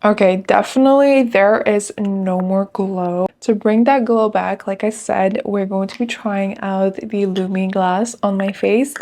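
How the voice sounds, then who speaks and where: Chatty woman with a mellow voice. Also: mid-range voice, steady tone, measured pace, hardly any pauses. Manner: chatty, enthusiastic, addresses viewers directly. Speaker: beauty vlogger. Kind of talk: casual makeup review talk.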